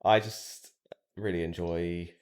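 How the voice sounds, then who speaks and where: A man's voice: low-pitched, fairly even intonation, slow. A young man co-hosting a podcast, talking in a reflective, hesitant way with many fillers. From England. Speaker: podcast co-host. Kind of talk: casual chat.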